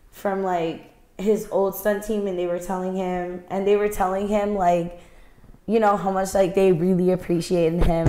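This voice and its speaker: A woman's voice: fairly low pitch, dark tone, slight background noise. A woman co-hosting a casual podcast, telling a long story in a rambling way, full of fillers and restarts. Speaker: podcast co-host. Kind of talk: casual chat. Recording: roomy echo.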